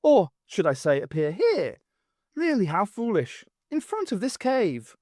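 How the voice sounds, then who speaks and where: A woman's voice: mid-range voice, wildly swooping pitch, a little slow, darkish tone, no room sound, clean studio sound, voice pushed up. Woman narrator as a haughty, dreamy chambermaid, lilting and affected. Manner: prim and affected.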